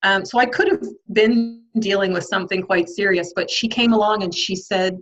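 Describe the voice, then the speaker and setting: A woman's voice: medium pitch, normal speed, few pauses. A woman talks through a hard stretch of her working life as a podcast guest, reflective and candid. Her speech is full of ums and light laughs, and the audio sounds a bit dull and muffled.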